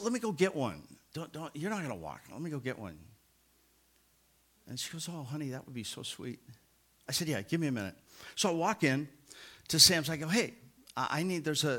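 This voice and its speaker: A man, a pastor, telling a funny anecdote during a sermon and laughing at himself as he goes. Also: medium pitch. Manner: animated, self-mocking storyteller who laughs at himself.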